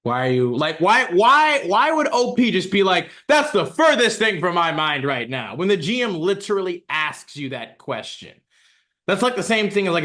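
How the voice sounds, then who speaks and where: Animated, bright-voiced ranting man. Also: a little high. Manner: animated, profane ranting with many restarts. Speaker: podcast co-host. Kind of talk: casual reaction commentary.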